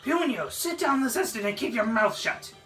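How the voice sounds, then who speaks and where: A gameplay narrator voicing a stern old female village elder who scolds loudly, with game music behind. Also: medium pitch, very animated, normal speed, recorded from a distance, voice pushed up, low-quality recording. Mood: scolding. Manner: shouting, scolding.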